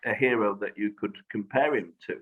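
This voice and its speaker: A man speaking as a guest in a reflective conversation, measured and thoughtful, pausing on fillers. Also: lowish voice. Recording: dull lo-fi audio.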